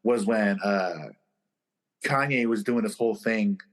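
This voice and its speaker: A man co-hosting a podcast in casual chat, laid-back and joking, who drops his voice low for asides. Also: measured pace. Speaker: podcast co-host.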